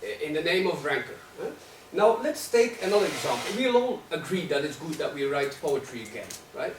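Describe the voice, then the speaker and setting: A man's voice: on the high side, big pitch swings, brisk. A man in the audience posing provocative questions in an academic discussion, often tagging his points with "right?". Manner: provocative, rhetorical, tags statements with "right?". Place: lecture hall. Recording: echoey room, distant mic, faint noise.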